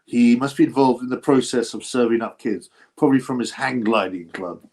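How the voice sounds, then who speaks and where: A man's voice: medium pitch, fairly quick, darkish tone. A man hosting a boxing channel livestream, chatting loosely and answering viewer comments. He wanders between topics, asks himself questions and restarts his sentences.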